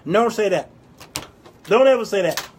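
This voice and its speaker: A man hosting a casual live-stream advice show, animated and teasing, breaking into sudden loud outbursts and answering viewer comments aloud. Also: high voice, moderate pace, a little hiss or hum. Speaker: talk show host.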